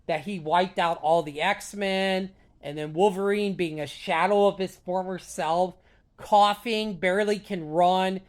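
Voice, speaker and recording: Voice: medium pitch, steady tone, measured pace. A vlogger chatting casually on their own, rambling and hesitant with many restarts, earnest and openly emotional about films. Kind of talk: casual solo chat to camera.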